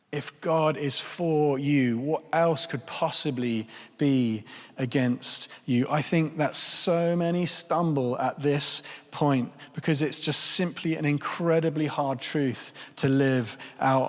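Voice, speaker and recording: A man's voice: mid-range voice, a bit bright. A man in his thirties preaching a sermon in church, earnest and pleading, repeating phrases for emphasis. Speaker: pastor. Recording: long church reverb.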